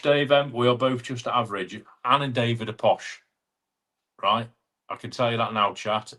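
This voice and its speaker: A man's voice: mid-range voice, sharp tone. Chatty man hosting a live stream. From England (Chester). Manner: chatty, teasing banter with viewers by name. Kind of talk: casual live-stream chat reading out viewer comments.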